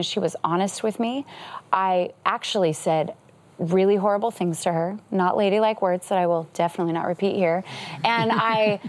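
A woman in her thirties, a guest pastor and author, telling a personal story in a TV interview, earnest and emotional, laughing often. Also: medium pitch.

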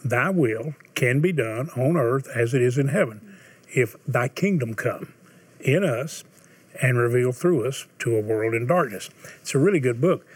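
A man's voice: mid-range voice, animated, unhurried, a little mellow, breathy edge, dry recording. Earnest older man hosting Christian TV. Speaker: TV host. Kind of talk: Christian TV talk show hosting and appeal.

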